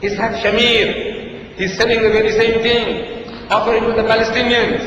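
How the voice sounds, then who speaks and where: A man's voice: high voice, steady tone, a little slow, a bit bright, a little hiss or hum. A man giving a public debate speech, emphatic and sarcastic, with pointed rhetorical questions. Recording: distant echoey hall recording, lo-fi.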